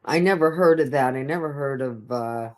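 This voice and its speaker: A man's voice: mid-range voice, normal speed. A man in casual chat who teases and laughs along as he listens.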